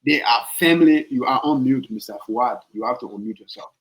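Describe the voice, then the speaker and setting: A man's voice: mid-range voice, a little fast, fairly bright tone, rough recording. A man with a Liberian accent hosting a podcast, giving opinionated political commentary with emphatic repetition and rhetorical questions. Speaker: podcast host.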